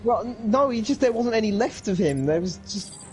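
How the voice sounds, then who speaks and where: Animated man chatting casually. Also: high-pitched, a little fast, soft background music. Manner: rambling, laughs often, restarts a lot. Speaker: podcast co-host. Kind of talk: casual chat.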